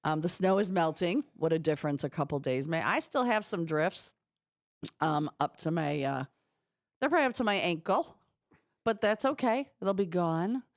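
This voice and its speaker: Chatty Midwestern woman radio host, low dry voice. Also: normal speed, no room sound. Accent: Midwestern American. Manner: chatty, animated storytelling with laughs. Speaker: radio morning show co-host. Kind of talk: casual morning radio chat. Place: radio studio.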